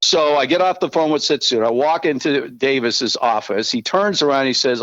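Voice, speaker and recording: A man in his sixties, a podcast guest, telling animated, profane anecdotes in casual talk. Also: mid-range voice, moderate pace, no room sound, muffled recording. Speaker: podcast guest, former team spokesman.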